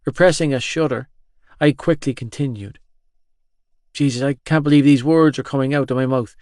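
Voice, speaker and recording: A man narrating a romance audiobook in the first person, in a gruff, awkward manner with frequent swearing. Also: mid-range voice, moderate pace, darkish tone, no echo, clean studio sound.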